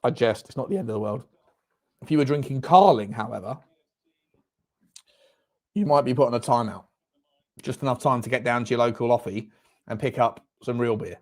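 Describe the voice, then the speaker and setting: During his live football watchalong, a fan host with a mid-range voice talks a bit quickly and pauses often. Between game outbursts he chats with viewers and reads their comments, then shouts at the referee and at chances.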